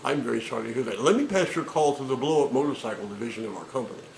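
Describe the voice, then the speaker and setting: A man's voice: medium pitch, animated, rapid-fire, vocal fry, echoey room, slight background noise. A man voicing a male call center agent who reads polite scripted phrases in a subdued way.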